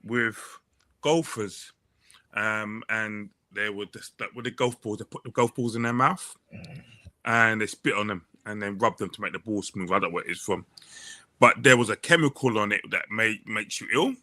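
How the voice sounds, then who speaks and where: A man's voice: fairly low pitch, normal speed, sharp tone, no echo, studio quality. A man, telling a rambling story in casual podcast chat and breaking into voices for the people in it. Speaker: podcast co-host.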